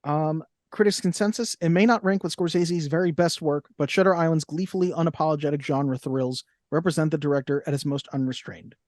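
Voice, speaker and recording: A man's voice: a little high, fairly quick, hardly any pauses, darkish tone, no echo, studio quality. A young man co-hosting a movie podcast in casual chat, reading cast lists and review quotes aloud. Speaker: podcast co-host.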